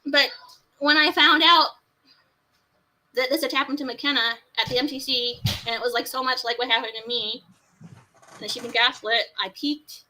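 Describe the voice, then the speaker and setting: Woman, guest, impassioned testimony, bright tense tone, quiet to shouting. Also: high voice, fairly even intonation, normal speed, pauses often, poor audio. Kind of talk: emotional personal testimony.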